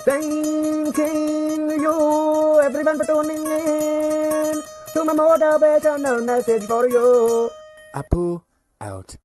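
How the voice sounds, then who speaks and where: A man's voice: extremely high pitch, steady tone, takes it slowly, long pauses, over music. A man voicing an overly earnest, rambling male self-help guru who talks in broken grammar and swoops dramatically. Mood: earnest preaching. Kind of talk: comedy sketch character monologue.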